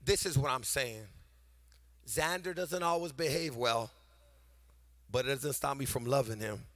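An older man preaching a sermon to a congregation, animated and sing-song, swinging between loud emphasis and quiet storytelling. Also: medium pitch, unhurried, no room sound. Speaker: pastor. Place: church sanctuary before a congregation.

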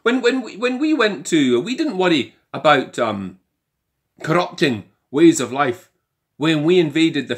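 An older man with a Scottish accent, delivering an animated opinion monologue full of rhetorical questions. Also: fairly high pitch. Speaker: commentator.

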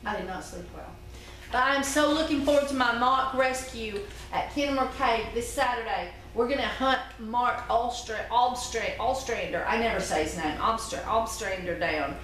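A woman's voice: fairly high pitch, moderate pace, a bit bright. A middle-aged woman, chatting casually to her viewers in a folksy, talkative way as a soap-making channel host. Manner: chatty, folksy, laughs easily, with fillers. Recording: echoey room with background noise.

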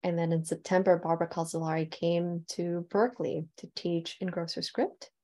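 A woman's voice: on the low side, fairly even intonation, moderate pace, warm tone. A woman calligraphy teacher telling her story in a heartfelt, enthusiastic presentation over a video call.

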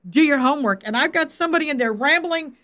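A high-voiced woman teaching the Bible in a relaxed live-stream way. She is animated and laughs easily, slipping into little acted-out quotes to make her points. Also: quick pace. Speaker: faith coach and Bible teacher.

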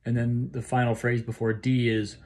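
A man's voice: medium pitch, flat delivery, moderate pace, a little mellow. A man coaching a choir on phrasing, explaining each line and then singing it to show how it goes. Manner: explains phrasing, then sings the lines to demonstrate. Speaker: choir director. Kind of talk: choral rehearsal instruction. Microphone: solo recording for a rehearsal video.

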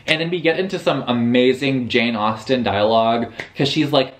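A man's voice: mid-range voice, normal speed, background noise. A young man recapping a book for his vlog, casual and sarcastic, swearing freely and slipping into mock voices. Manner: animated, profane, sarcastic retelling with mock character voices. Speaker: book reviewer.

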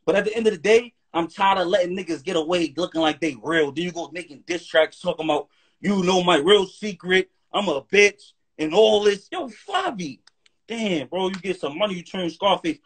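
A man's voice: high voice, normal speed, breathy edge. A man talking as a guest on a live stream in a heated, profane rant, often checking "you heard?". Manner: profane, animated, keeps asking "you heard?".

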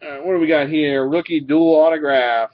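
With a voice on the high side and fairly even intonation, a man briskly reads out cards as he casually opens packs. He stays laid-back, swearing and laughing now and then, and his webcam mic makes the audio dull and lo-fi.

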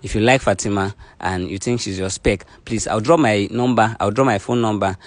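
A man with a Nigerian accent, the matchmaker host of a comic skit, pleading and trying to calm things down. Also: lowish voice, a little fast, dry recording. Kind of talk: comic skit chat in Pidgin English.

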